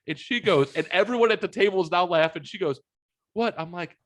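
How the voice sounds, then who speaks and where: A man's voice: high voice, brisk, no echo. A man in his thirties hosting a podcast, telling a long story casually, swearing freely and acting out what people said. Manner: profane, animated storyteller acting out quotes. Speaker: podcast host.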